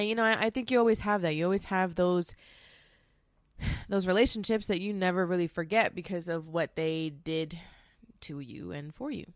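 A woman's voice: fairly low pitch, no room sound, clean studio sound. A woman hosting her own show, telling a personal story in a candid, chatty, confiding way. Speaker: podcast host. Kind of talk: casual solo storytelling.

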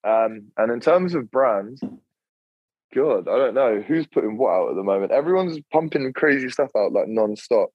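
A man's voice: mid-range voice, animated, moderate pace, husky, no echo, dull audio. A young man, chatting as a podcast guest in a laid-back, rambling way. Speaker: podcast guest, clothing creator. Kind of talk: casual chat.

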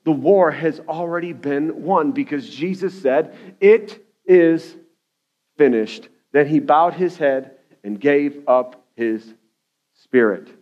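A man preaching a sermon as a pastor in a church, fervent and loud at the climaxes, with "okay?" asides. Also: a little high, measured pace. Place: church sanctuary. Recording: dull lo-fi audio.

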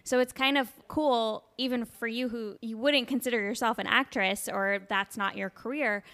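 A woman's voice: fairly high pitch, steady tone, moderate pace. A woman co-hosting a podcast in casual chat, encouraging the guest and sharing her own story. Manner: warmly encouraging, shares her own anecdote. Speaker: podcast co-host.

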